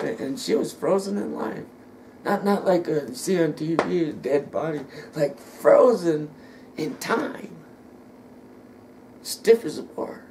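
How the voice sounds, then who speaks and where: A middle-aged man giving an emotional personal testimony, halting and repeating words, sometimes dropping almost to a whisper. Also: fairly high pitch, vocal fry, dark tone, a little hiss or hum.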